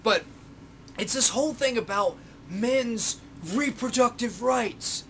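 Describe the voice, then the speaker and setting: Young male vlogger, high-pitched, profane and mocking, faint noisy recording. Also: slow pace, fairly bright tone. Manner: sarcastic, swears constantly, mocks others in put-on voices. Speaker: video blogger. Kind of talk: profane ranting monologue.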